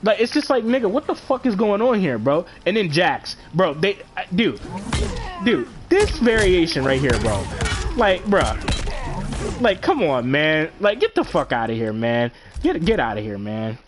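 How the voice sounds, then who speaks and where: A man with a somewhat higher voice streams live in a casual rant. He sounds exasperated, swears freely and talks in heavy slang, circling back to his complaints over and over. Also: big pitch swings, normal speed, music in the background. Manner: exasperated, profane, slangy ranting.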